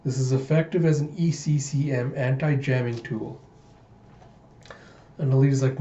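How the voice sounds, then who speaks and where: A man's voice: medium pitch, fairly even intonation, moderate pace, pauses often, dark tone. A man casually narrating a comic readthrough, mouthing sound effects and chuckling. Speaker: manga readthrough host. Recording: muffled, roomy home recording.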